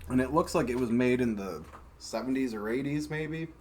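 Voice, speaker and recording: A man's voice: mid-range voice, normal speed, darkish tone, a little hiss or hum. A man co-hosting a podcast in casual chat, talking in a chatty, easygoing way and laughing easily. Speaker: podcast co-host.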